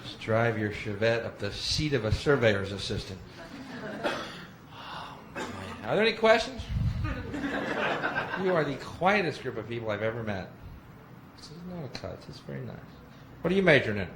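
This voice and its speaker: A man's voice: medium pitch, sing-song, moderate pace, long pauses. A young man doing a brash, profane live stand-up routine on a club stage, acting out voices as he goes. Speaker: stand-up comedian. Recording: echoey live club with loud audience noise.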